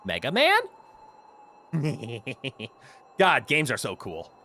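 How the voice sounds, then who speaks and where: Goofy, bright-voiced man streaming a game. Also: mid-range voice, huge pitch swings. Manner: goofy, playful, quick laughs. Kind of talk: casual gameplay commentary.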